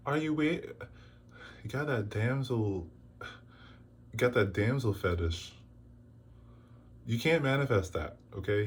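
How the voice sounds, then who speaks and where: A man giving a casual tarot reading to camera, exasperated and scolding, with lots of rhetorical questions. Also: on the low side. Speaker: tarot reader.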